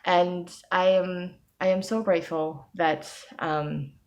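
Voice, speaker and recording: A woman speaking softly and hesitantly in a reflective personal vlog, pausing often and breaking into small laughs. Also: lowish voice, steady tone. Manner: soft, hesitant, with many pauses and ums. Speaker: personal video diarist.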